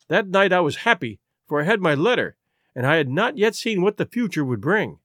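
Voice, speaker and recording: In a dry recording, a man reads the part of a frightened aristocratic woman rushing through a confession. His high-pitched voice is lively, rising and falling.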